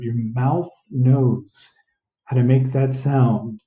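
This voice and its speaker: A man teaching a diction lesson, sounding out words slowly and deliberately, repeating them as he goes. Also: mid-range voice, fairly even intonation. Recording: roomy, dull lo-fi sound.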